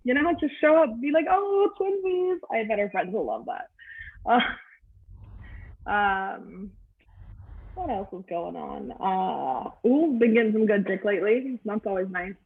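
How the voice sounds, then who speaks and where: A woman's voice: mid-range voice, lively intonation, a little slow, gravelly, long pauses, breathy edge. A middle-aged woman performs stand-up comedy over a video call, her delivery crude and offhand. Her voice sits in a middle register. The sound is tinny and narrow, like a phone line.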